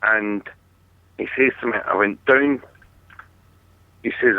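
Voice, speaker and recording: A man's voice: on the low side, takes it slowly, long pauses, dry recording. A Scottish man hosting a talk radio show, telling a long family story in a rambling, earnest way with many restarts. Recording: tinny phone-like radio audio.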